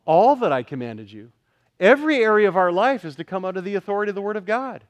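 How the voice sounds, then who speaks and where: A man preaching a sermon to a congregation, emphatic and questioning, rising at times to shouts. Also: sits high, very animated, quick pace. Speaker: pastor.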